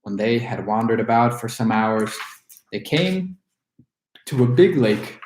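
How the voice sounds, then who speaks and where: A man reading a fairy tale aloud as a storyteller, in an expressive way. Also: mid-range voice, a little slow, a little hiss or hum. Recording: roomy echo.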